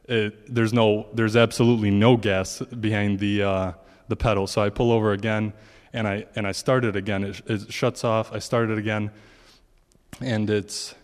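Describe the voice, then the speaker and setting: A man's voice: lowish voice, little pitch movement, moderate pace, big-room sound. A man giving a casual testimony to a congregation, telling a long story in a chatty way and quoting his own thoughts.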